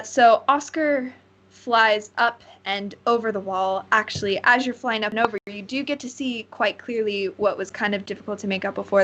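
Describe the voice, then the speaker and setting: A woman's voice: fairly high pitch, a bit bright. A woman narrating as game master of a tabletop game, rambling and searching for words with many fillers.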